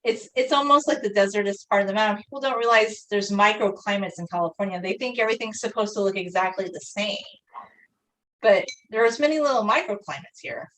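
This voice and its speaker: A woman's voice: medium pitch, a little fast, a bit bright. A young woman chatting casually while painting on a live stream, rambling through a story with lots of fillers like "like". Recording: voice a bit far from the mic.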